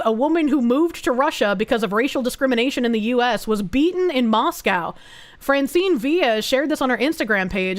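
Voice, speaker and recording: A young woman live-streaming from her home setup, reacting and reading her chat aloud in a loose, blunt way. Her voice sits a little high, and she swears freely and laughs often between comments.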